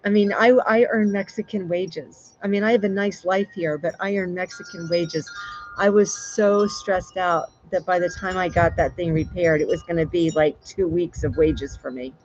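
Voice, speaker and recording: A woman's voice: lowish voice, fairly even intonation, moderate pace, a little hiss or hum. Female livestream host, chatty and rambling, restarts her sentences, slightly lo-fi sound. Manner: chatty, rambling, warm with frequent fillers and restarts. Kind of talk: casual live chat with viewers.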